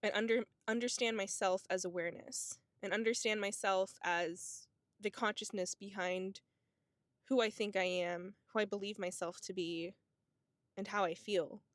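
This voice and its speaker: A woman's voice: medium pitch, steady tone, normal speed, no echo, clean studio sound. A woman in her twenties talking to camera in a casual, reflective monologue, musing in a spiritual way with lots of "like" and "you know". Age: 20s. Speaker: vlogger.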